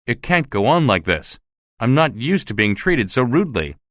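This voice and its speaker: A man voicing an agitated, indignant male theater official recounting his rough treatment, in a storybook reading. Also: mid-range voice, normal speed, dry recording, clean studio sound. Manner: indignant, excited.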